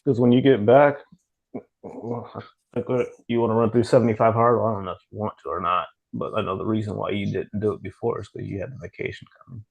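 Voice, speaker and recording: A man's voice: lowish voice, fairly even intonation, fast talker, creaky, slightly rough, highs cut off. A man co-hosting a casual early-morning podcast, mostly giving short reactions and nudging advice. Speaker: podcast co-host.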